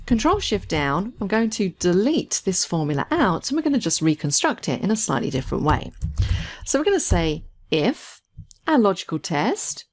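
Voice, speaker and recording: A woman instructor narrating a screen-recorded software tutorial, explaining each step patiently. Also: lowish voice.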